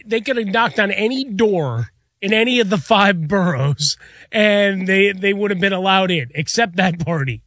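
High-voiced man teasing his co-host. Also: lively intonation, moderate pace, a bit bright, no echo. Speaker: sports radio co-host. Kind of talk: casual sports talk banter.

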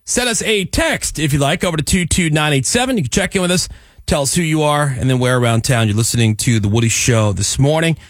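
A man's voice: on the high side, animated, quick pace, no room sound, clean studio sound. Man hosting a morning radio show. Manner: reads a phone number and list, then jokes and complains.

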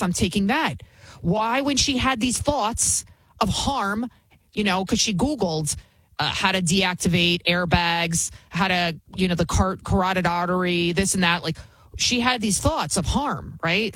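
Talk-show host, female, emphatic and indignant, slightly breathy tone. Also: mid-range voice, no room sound. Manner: heated, emphatic, repeats for emphasis. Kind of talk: opinionated commentary.

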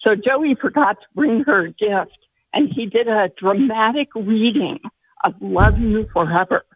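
A woman's voice: mid-range voice, a little slow, slightly rough, no room sound. A woman from California calling a radio show over a tinny phone line, bubbly and giggly. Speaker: caller. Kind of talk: phone-in call.

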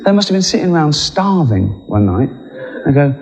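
Giggly comic in a big hall. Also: male voice, a little high, big pitch swings, a little fast, a little mellow. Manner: giggly, rambling. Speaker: stand-up comedian. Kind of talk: stand-up routine. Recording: live in a large hall with an audience.

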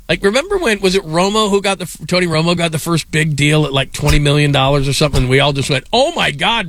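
A man's voice: a little high, a bit bright, dry recording. A middle-aged man hosting sports radio, telling rambling stories full of fillers and laughs. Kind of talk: casual sports talk.

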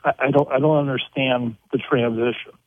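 Husky guy calling in over a tinny phone line, rambles and stalls hunting for words. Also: mid-range voice, fairly even intonation, dry recording. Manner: rambling, halting, searching for words. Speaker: caller. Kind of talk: call-in radio question.

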